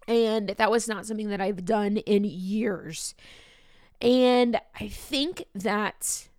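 A woman's voice: medium pitch, no room sound. A young woman hosting an unedited solo podcast, talking candidly and encouragingly, emotional at times, close to the mic. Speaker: podcast host.

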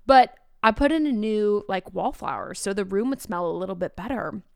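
A woman teacher hosting a podcast, telling classroom stories in a casual, animated way and acting out her students' voices. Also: medium pitch, normal speed, gravelly, clear, resonant tone, no room sound, studio quality. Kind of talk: casual storytelling monologue.

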